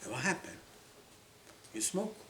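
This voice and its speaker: A man's voice: mid-range voice, big pitch swings, unhurried, a bit bright, a little hiss or hum. A man preaching a sermon, emphatic and repetitive, often acting out the voices of the people he quotes. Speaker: rabbi. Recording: echoey room with faint ambience.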